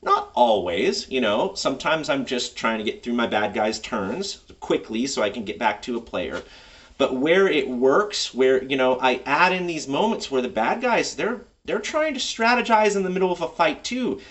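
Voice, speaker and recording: Lively, rambling game master man. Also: mid-range voice, normal speed, recorded from a distance. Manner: enthusiastic, rambling. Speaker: tabletop game master and video host. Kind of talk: casual advice monologue.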